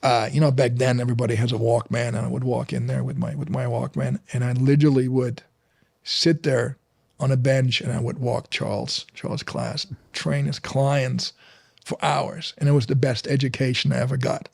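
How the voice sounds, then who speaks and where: A middle-aged fitness trainer from Berlin, speaking with a German accent, is a guest in a casual interview. He tells stories full of restarts and fillers in a level, medium-pitched voice at normal speed that is creaky, a little mellow and husky. The recording is dry and studio quality.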